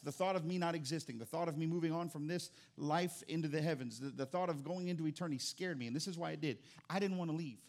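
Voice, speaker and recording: High-voiced preacher swinging soft to loud. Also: male voice. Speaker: pastor. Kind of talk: sermon.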